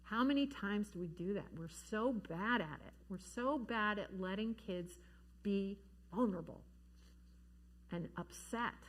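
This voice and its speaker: A woman giving an earnest, gentle talk to parents about grief at a church forum, slowing down to stress key words. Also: mid-range voice. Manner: gentle, earnest, slows down for emphasis. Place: church hall.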